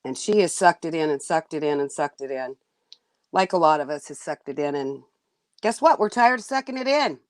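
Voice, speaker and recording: A woman's voice: low voice, animated, a little fast, dry recording. A woman hosting a livestream, venting bluntly and indignantly to her chat, cursing now and then. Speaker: livestream host.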